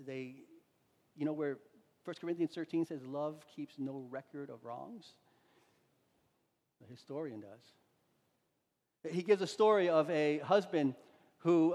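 A man preaching a sermon, animated, acting out little dialogues as he goes. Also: a little high. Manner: animated, acts out quoted dialogue. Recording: long hall reverb.

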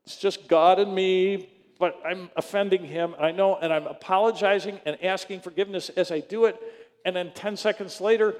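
A middle-aged man preaches a sermon, telling a story in an animated way. His voice sits high for a man, and he acts out both sides of phone calls. A long reverb trails off his words in the church hall. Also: moderate pace. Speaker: pastor.

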